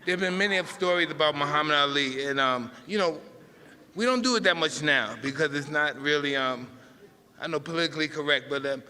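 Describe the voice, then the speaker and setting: A man's voice: a little high, a little fast, sharp tone, smooth, long reverb tail. A man in his fifties telling a rambling, emotional story live, often stopping and restarting mid-sentence. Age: 50s. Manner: rambling, emotional, self-interrupting.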